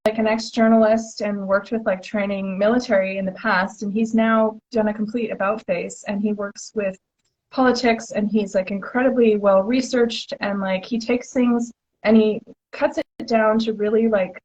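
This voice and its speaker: Woman host, casual live chat, eager and gushing, mid pitch, lo-fi sound. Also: steady tone, moderate pace, a little mellow. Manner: enthusiastic, chatty, many "like" fillers.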